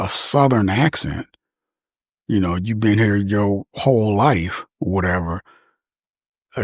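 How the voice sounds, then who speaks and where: Low husky man, slow and reflective. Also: darkish tone, no echo, studio quality. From Michigan, USA. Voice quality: halting, reflective, slow to find words. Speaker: podcast speaker. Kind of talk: reflective personal monologue.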